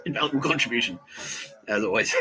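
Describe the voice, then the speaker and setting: A man's voice: a little high, bright, forceful tone, low-quality recording. A man hosting a solo podcast, rambling in a crude, jokey way and laughing often. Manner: crude, giggly, jokey, talks to an absent listener. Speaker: podcast host.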